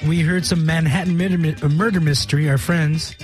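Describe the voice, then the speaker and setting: A man with a fairly high voice hosts a casual music radio show. He rambles along loosely, full of fillers, with music playing faintly behind him. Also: a little fast. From United States. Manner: relaxed, rambling, lots of fillers.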